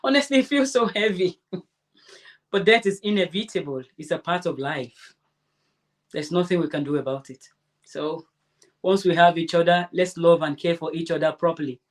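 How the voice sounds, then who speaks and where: A woman hosting a crafting livestream, chatting casually and warmly answering her viewers' comments. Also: fairly low pitch, moderate pace, pauses often. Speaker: crafting channel host.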